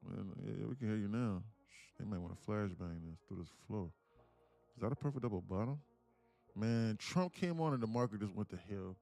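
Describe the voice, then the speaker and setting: A man hosting a day trading livestream, talking in loose, joking, slang-heavy banter with quick restarts. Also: on the low side, expressive, vocal fry, warm tone, soft background music. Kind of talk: casual livestream chat.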